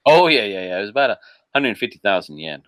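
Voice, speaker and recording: A man with a very low voice, talking in a casual podcast chat. He is animated, laughs often and restarts his sentences. The sound is dry and close. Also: fast, no echo. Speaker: podcast guest.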